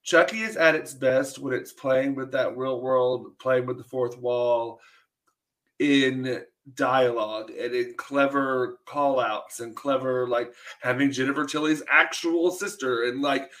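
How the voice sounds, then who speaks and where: Male co-host, bright tone, easygoing moderator, soft trailing endings. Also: mid-range voice, steady tone, a little slow. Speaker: podcast co-host. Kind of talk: casual chat.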